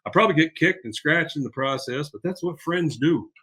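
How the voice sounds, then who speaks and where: A man retelling as an excitable rambling neighbor. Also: a little high, fairly quick, husky, exaggerated voice. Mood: eager. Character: excitable, self-deluded middle-aged man.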